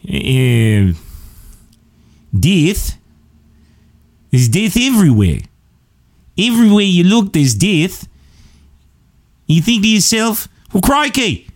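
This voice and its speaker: A man doing a goofy, exaggerated Australian bloke in a put-on Australian accent, loud and sing-song, as a comedy bit. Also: high-pitched, voice pushed up, heavily acted. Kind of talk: comedic impression.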